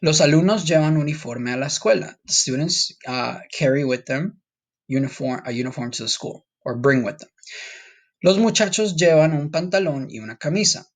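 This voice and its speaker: A man's voice: on the high side, a little fast. A man from Colombia teaching a Spanish vocabulary lesson in a casual, patient way, repeating words for students to practice. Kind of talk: recorded classroom lesson.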